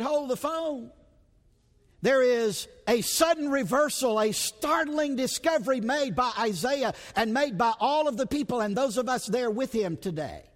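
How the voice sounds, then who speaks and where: A man preaches in a high, lively voice that swoops from whispers to bursts, drawing out his words at an unhurried pace. He speaks with dramatic emphasis and rhetorical questions, and his voice rings with a long reverb, as in a large hall. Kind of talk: expository sermon.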